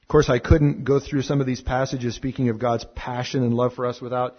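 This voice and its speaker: Husky-voiced man preaching a story-filled sermon. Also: medium pitch, fairly quick, dull audio. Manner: animated storyteller who drops to a hushed tone. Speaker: pastor.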